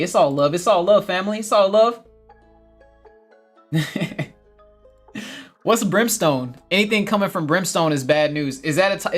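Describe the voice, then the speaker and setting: A man's voice: fairly high pitch, a bit bright. A man hosting a gardening livestream, reading viewer comments in a casual chat, laughing often and repeating his phrases.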